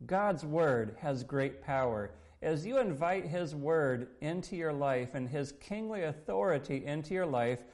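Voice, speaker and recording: A man preaching a sermon in an earnest, measured way, quoting scripture. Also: on the high side, a little mellow. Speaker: pastor.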